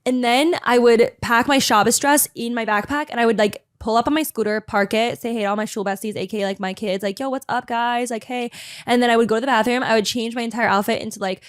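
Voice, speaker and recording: A woman's voice: on the high side, quick pace, few pauses, no room sound, clean studio sound. A young woman hosting a podcast. She tells a story in a casual, chatty way and fills her speech with "like.". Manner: chatty, animated, full of "like" fillers. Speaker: podcast host.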